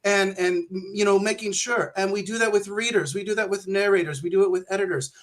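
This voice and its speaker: A man's voice: high voice, steady tone, a little fast, a bit bright. A man chatting as a guest on a video call, theatrical and playing up a put-on accent. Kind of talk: casual video chat.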